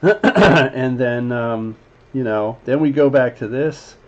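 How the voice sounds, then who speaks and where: A man casually breaking down an animated scene as a teacher, rambling with lots of fillers and now and then voicing the characters' lines. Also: mid-range voice, slow pace. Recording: slightly dull lo-fi audio with faint background noise.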